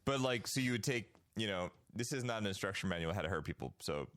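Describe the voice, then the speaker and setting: Lively low-voiced man chatting casually. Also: quick pace, no room sound, studio quality. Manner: rambling, loose storytelling with many fillers. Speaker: podcast co-host. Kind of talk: casual chat.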